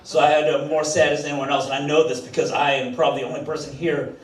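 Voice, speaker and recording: A man's voice: on the high side, little pitch movement, quick pace. Wry self-deprecating stand-up comic man. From Massachusetts. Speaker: stand-up comedian. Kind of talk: stand-up comedy set. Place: comedy club stage with live audience. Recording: roomy club, distant mic, noisy.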